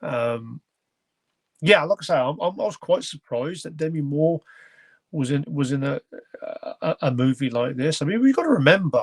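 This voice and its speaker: A man's voice: fairly high pitch, very animated, normal speed, slightly rough, dry recording. A man hosting a casual film review chat. He rambles and often stops to search for words. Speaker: podcast host.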